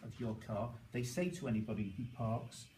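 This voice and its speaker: A man's voice: lowish voice, warm tone, distant mic, slight background noise. Chatty Liverpool man in an echoey room. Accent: Liverpool (Scouse). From Liverpool, England. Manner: chatty, explains slowly and checks in with "okay?". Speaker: speaker giving a talk. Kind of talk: informal talk to learners.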